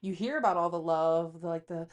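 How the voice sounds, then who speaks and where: A podcast co-host in her thirties speaks briskly in a low voice, with lo-fi sound quality. She chats casually and candidly in a confessional tone, rambling with frequent fillers.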